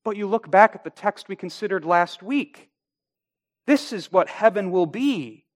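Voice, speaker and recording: A man with a high voice delivers a sermon as a pastor. He speaks deliberately and with emphasis, stretching out key phrases to drive his point home. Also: expressive.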